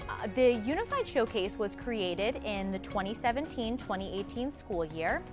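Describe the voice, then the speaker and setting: A woman teacher answering an interview question in a relaxed, conversational way. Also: on the high side, moderate pace, over music.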